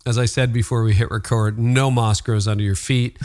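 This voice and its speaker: Canadian guy hosting a podcast, chatty and upbeat, middle-pitched voice. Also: steady tone, normal speed, a little mellow. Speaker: podcast host. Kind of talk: interview podcast.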